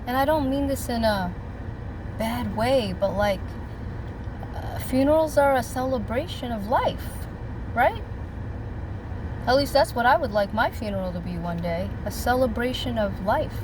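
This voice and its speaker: Heartfelt rambling woman vlogging from a car. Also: fairly high pitch. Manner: rambling, heartfelt, talks to viewers as guys. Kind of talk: casual faith vlog. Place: in or by a parked car outdoors. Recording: outdoor traffic noise. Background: car and street noise.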